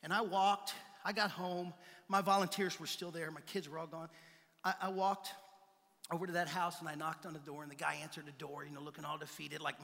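A male pastor telling a personal story in a sermon, animated, swinging between loud outbursts and hushed quiet passages. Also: a little high, fast, gravelly, big-room sound.

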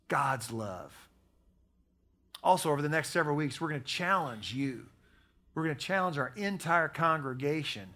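A man preaching a sermon as pastor, repeating key phrases for emphasis and growing hushed in prayer. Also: mid-range voice. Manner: preaching with emphatic repetition, dropping soft at prayer.

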